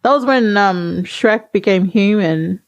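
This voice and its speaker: Slow, gravelly-voiced woman chatting. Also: medium pitch, no room sound, muffled recording. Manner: hesitant, rambling with many fillers. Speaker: podcast co-host. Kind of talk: casual chat.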